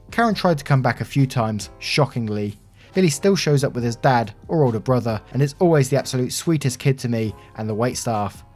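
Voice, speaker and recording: A man reading Reddit stories aloud in an expressive, animated narration. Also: mid-range voice. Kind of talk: scripted story narration. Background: soft background music.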